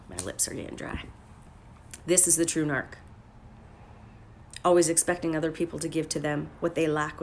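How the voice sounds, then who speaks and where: A woman life coach talking casually on a phone livestream. She is blunt and profane and breaks into loud, emphatic bursts. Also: low voice, slight background noise. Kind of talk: casual motivational livestream talk.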